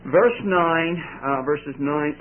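A man preaching a sermon, telling stories with lively delivery and sudden shouted quotes. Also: fairly high pitch, takes it slowly. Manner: animated storytelling with shouted quotes. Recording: tinny phone-like recording with faint hiss.

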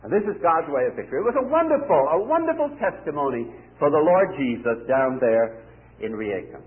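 A man preaching a sermon, telling a story in a lively way and acting out the people he quotes. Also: on the high side, a little fast. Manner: animated storytelling, acts out quoted voices. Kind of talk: sermon with anecdote. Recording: tinny lo-fi cassette tape.

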